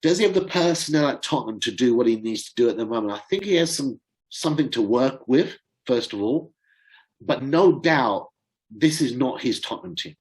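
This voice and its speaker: Man, middle-aged, fan channel host, casual football chat, rambling, fumbles names, mid-pitched voice, close mic. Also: animated, normal speed, poor audio.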